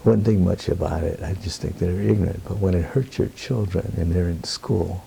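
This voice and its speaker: Deep gravelly older man telling his story. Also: normal speed, warm tone. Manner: earnest, plainspoken, rambling with asides. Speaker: interviewee, Roma advocate. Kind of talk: candid interview storytelling.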